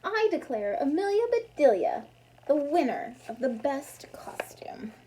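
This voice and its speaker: A woman reading aloud as a bossy middle-aged hostess, announcing loudly and brightly. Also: sits high, very animated, unhurried, a little hiss or hum, voice pushed up, rough recording. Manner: loud, announcing.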